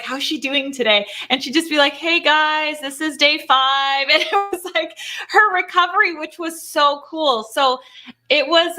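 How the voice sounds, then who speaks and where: A woman's voice: sits high, sharp tone. A woman from Canada hosting a live Q&A, chatty and bubbly, laughing often. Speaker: host. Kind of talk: live Q&A chat.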